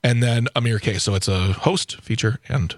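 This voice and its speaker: A male radio host in relaxed studio banter, rambling through stories and laughing often. His voice sits in the middle range, and the booth sound is completely dry. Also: medium pitch, normal speed, dry recording.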